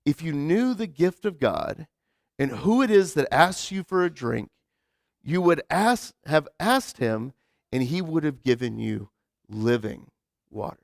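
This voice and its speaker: A man voicing Jesus as calm and easygoing, slower and more solemn when quoting scripture. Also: on the high side, gravelly, dry recording, clean studio sound, voice pushed down, full character voice. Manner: relaxed and casual, then slow and solemn when quoting scripture.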